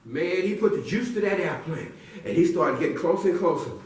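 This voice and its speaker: A man's voice: high voice, animated, brisk, darkish tone. A man telling a silly story to a live audience with playful call-and-response build-ups. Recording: echoey room from far off.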